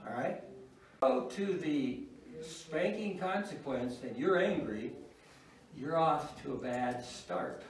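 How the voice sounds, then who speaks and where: An older man teaching a church class on parenting, folksy and wry, chuckling at his own stories. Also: fairly high pitch. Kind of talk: informal church class talk. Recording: echoey room, mic far off.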